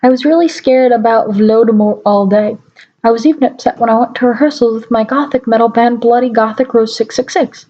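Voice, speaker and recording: Lady reading a story out loud all mock-dramatic, kinda high voice, muffled home laptop audio. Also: fairly quick. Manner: mock-dramatic, breaks off to comment wryly. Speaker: reader. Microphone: laptop mic. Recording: dull lo-fi home recording.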